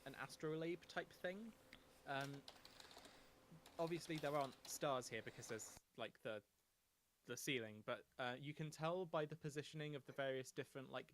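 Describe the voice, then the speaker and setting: A man's voice: fairly high pitch, no echo. Rambling male game master. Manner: relaxed, rambling, many fillers. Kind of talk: narrating a tabletop game.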